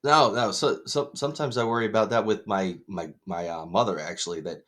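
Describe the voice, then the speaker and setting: Thirties male co-host with a lowish voice: swears freely and rambles through his stories. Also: fairly quick, a bit bright. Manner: profane, rambling storyteller. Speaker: podcast co-host. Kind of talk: casual chat.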